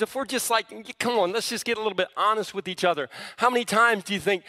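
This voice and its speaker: A male pastor with a bright, forceful, fairly high voice delivers a sermon. He teaches conversationally and then presses his points with fervent emphasis. The sound rings with the long reverb of a big church sanctuary. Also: quick pace, few pauses. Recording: long reverb of a large hall.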